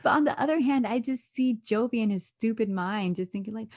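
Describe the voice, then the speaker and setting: A woman co-hosting a podcast, chatting casually in an animated way and laughing often. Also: fairly high pitch, brisk, hardly any pauses. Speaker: podcast co-host. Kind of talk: casual chat recapping a reality show.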